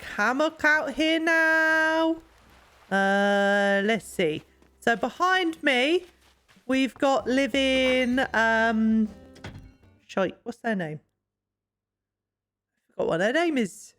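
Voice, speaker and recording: A woman's voice: on the high side, a bit bright. A young woman chatting casually while streaming a game, swearing and laughing often, her mic pointed the wrong way. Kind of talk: casual gameplay chat. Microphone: desk mic, pointed the wrong way.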